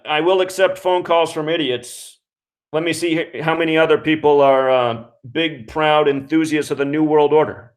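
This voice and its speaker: A man's voice: fairly high pitch, steady tone, normal speed. Male call-in host, contemptuous, foul-mouthed, ranting. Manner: angry, scornful, swears constantly. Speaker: radio show host. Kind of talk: profane call-in show rant.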